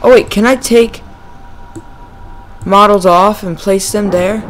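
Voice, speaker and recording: A young man giving excitable let's play commentary on a horror game, yelping and shouting when startled. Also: high-pitched, slow, faint music behind. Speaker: gaming YouTuber.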